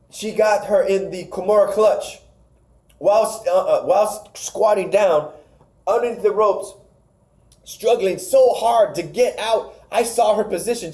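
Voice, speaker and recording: A man's voice: high-pitched, dark tone. A man co-hosting a podcast, casually recapping wrestling matches, rambling and stumbling over names. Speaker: podcast co-host.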